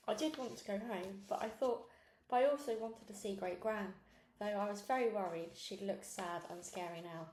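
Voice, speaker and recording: A woman reading a children's novel aloud in steady, clear narration. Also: medium pitch, normal speed, echoey room, a little hiss or hum. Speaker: storybook reader.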